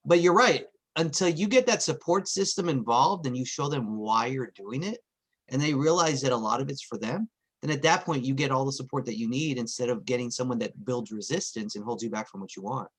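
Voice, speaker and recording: A Texan man in his forties telling a lively story on a group video call, acting out his family's voices. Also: medium pitch, brisk. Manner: animated, acts out family members' voices. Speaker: meeting participant.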